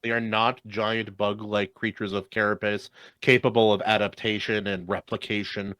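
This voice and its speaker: Brief: male co-host, low voice, dry and wry, sarcastic asides. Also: level tone, normal speed, a bit bright, no echo. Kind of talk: casual book discussion chat.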